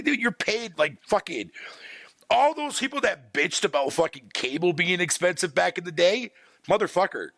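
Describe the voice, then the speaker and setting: On a casual livestream, a streamer with a gravelly voice and a bright edge rants about his complaints, swearing as his pitch swings widely. He is profane and animated and laughs often. The recording is dry and close, with no sense of a room.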